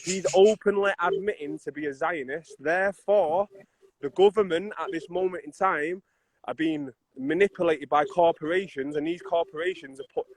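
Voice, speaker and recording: A man explaining his views as a podcast guest, earnest and halting. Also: fairly high pitch, dry recording, rough recording.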